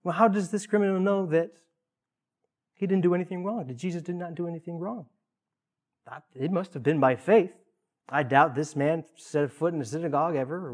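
A man preaching a sermon in an earnest way. He swings between loud emphasis and hushed, quiet asides. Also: a little high. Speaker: pastor.

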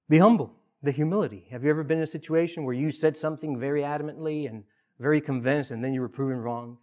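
Male preacher, mid pitch, earnest sermon delivery with emphatic repetitions. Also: darkish tone. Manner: earnest, rises in emphasis on key points with pauses and repeated phrases.

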